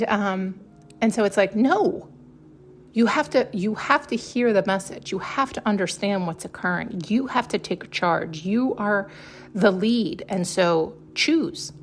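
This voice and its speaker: A woman hosting a podcast, talking casually and emphatically about self-growth, swearing freely and often asking rhetorical questions. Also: mid-range voice. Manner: blunt and heavy on profanity, with frequent laughs. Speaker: podcast host. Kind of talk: casual spiritual monologue.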